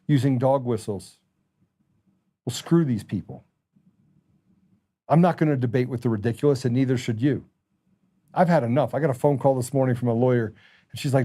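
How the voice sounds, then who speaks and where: Middle-aged male host, mellow dark tone, furious impassioned monologue. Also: medium pitch, brisk. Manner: angry, impassioned ranting. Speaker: talk show host. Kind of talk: political commentary monologue.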